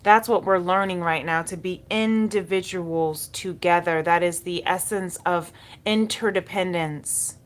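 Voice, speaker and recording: A woman's voice: fairly low pitch, fairly bright tone. A woman giving a spiritual tarot reading, speaking in a soothing, encouraging way and repeating key words. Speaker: tarot reader.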